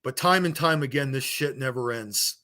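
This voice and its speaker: A man in the middle of an angry rant, blunt and profane as he scolds his audience. His pitch sits squarely in the middle, and he keeps hammering the same points. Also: normal speed, sharp tone. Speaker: wrestling commentary vlogger.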